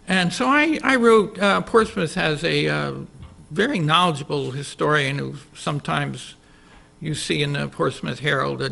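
A man with a slightly high, gravelly and bright voice spins a personal story before a studio audience. He talks in an animated way, chuckling and cutting himself off to start over. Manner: animated, chuckling, self-interrupting. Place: TV studio stage with live audience.

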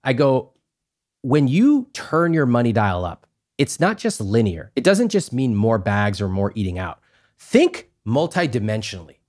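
A man in a podcast interview, talking emphatically and acting out little exchanges, his voice climbing high when he stresses a point. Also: very animated, a little slow, a little mellow. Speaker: guest, personal finance author.

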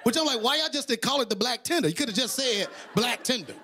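Animated high-voiced male stand-up comedian. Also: fast. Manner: animated, loud storytelling with high-pitched impressions. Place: comedy stage before a live audience. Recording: loud crowd and noise. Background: crowd laughter.

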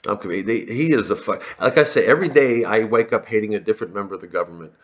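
A man's voice: fairly low pitch, fast, fairly bright tone, lo-fi sound. A male comedian in a profane, rambling, sarcastic monologue to camera, with many restarts.

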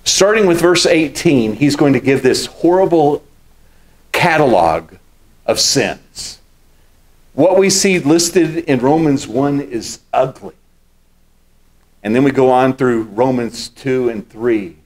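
A man's voice: mid-range voice, animated, unhurried, darkish tone. A man preaching a sermon as pastor. He explains scripture step by step and repeats key words for emphasis.

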